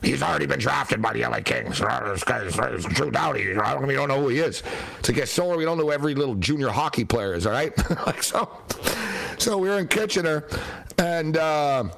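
A man's voice: medium pitch, animated, brisk, gravelly, a bit bright. A middle-aged man hosting a casual livestream chat, rambling through stories with lots of fillers, blunt and sarcastic. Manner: rambling storytelling with many fillers. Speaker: show host.

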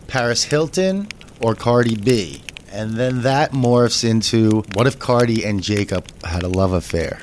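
A man introducing a podcast episode in a slow, drawn-out delivery. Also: on the low side, animated, slight background noise. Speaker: show producer introducing the episode.

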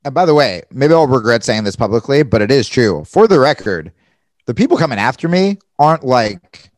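A man's voice: medium pitch, sing-song, brisk, dry recording. A young man in candid casual conversation as a podcast guest, rambling and swearing, often restarting his sentences.

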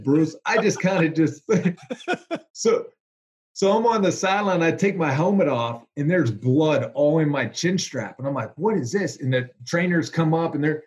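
A man, a former pro quarterback, telling stories in a relaxed interview with lots of fillers. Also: fairly high pitch. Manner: animated, chatty storyteller with fillers. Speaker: former NFL quarterback, guest. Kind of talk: casual storytelling interview.

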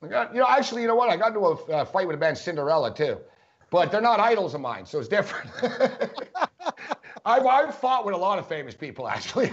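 A man's voice: high voice, highs cut off. A man co-hosting a sports podcast, telling rambling anecdotes full of "like" and "you know" in casual chat.

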